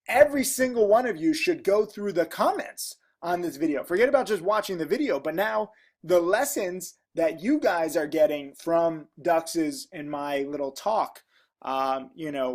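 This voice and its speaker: A man's voice: on the high side, lively intonation, unhurried. A man in his thirties with a casual vlog voice, reading viewer comments aloud and reacting to them in a frank, rambling way with many fillers.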